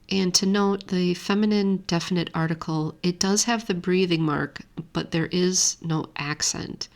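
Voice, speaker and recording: A woman teaching Greek grammar in a steady, methodical way, walking through a lesson on screen. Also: deep voice, vocal fry. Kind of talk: screen-share lesson walkthrough.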